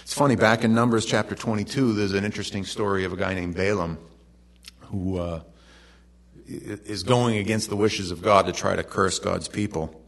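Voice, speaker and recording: A man with a fairly low voice preaching to his congregation. He talks like he is telling a story to friends, casual and animated, with quick asides and questions to the room. A middle-aged pastor in an easy, unhurried sermon.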